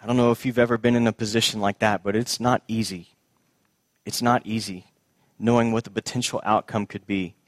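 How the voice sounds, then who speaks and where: A man preaching a sermon as pastor, earnest and repeating his key phrases, dropping soft and low at tender moments. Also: steady tone, a little fast, dry recording, studio quality.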